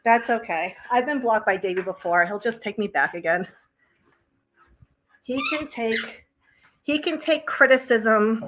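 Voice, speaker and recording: A woman's voice: on the high side, unhurried, pauses often, a bit bright, poor audio. Blunt, breathless woman chatting on a live stream. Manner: blunt, swears freely, chats to viewers and dogs. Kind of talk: casual live-stream chat. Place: home, indoors.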